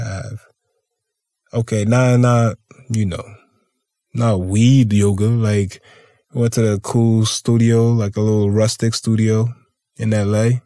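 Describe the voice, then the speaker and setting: A man's voice: on the low side, mellow, dry recording, clean studio sound. A man hosting a podcast, telling stories in a loose, rambling way, swearing freely and laughing often. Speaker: podcast host. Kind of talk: casual storytelling chat.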